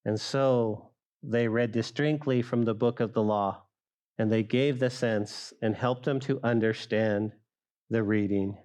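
A middle-aged male pastor preaching a sermon, speaking straight to the congregation and rising loud for emphasis. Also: on the low side, steady tone, measured pace. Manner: acts out quoted voices of listeners.

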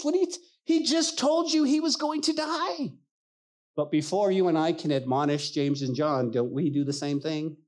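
A man preaching a sermon as pastor, animated and emphatic, acting out the people he quotes. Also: sits high.

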